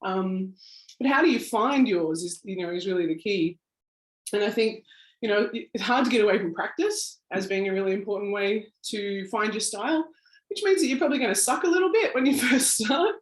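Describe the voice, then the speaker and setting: A woman's voice: medium pitch, animated, brisk. Australian woman, workshop presenter, chatty, self-deprecating laugh, video call, echoey room. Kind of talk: informal workshop talk. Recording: roomy echo.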